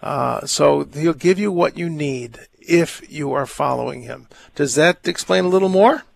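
Gravelly older priest talking on the radio. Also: male voice, fairly high pitch, measured pace, dry recording. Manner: chatty, rambling, laughs often, stumbles over words. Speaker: priest hosting a call-in radio show. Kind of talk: casual call-in radio talk.

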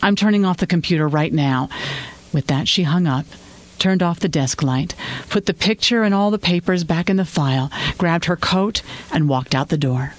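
A man reading scripted fiction narration with a measured storytelling delivery. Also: fairly high pitch.

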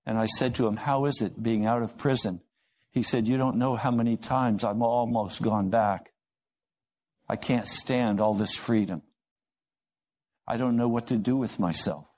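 A man preaching a sermon, telling stories and acting out the voices in them with lively rises in pitch. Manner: storytelling, acting out quoted dialogue with rising pitch.

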